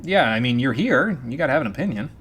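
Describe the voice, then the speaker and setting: Jokey, animated man streaming a game. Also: medium pitch, quick pace, slight background noise. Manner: chatty, jokey, frequent laughs. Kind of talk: live game stream commentary.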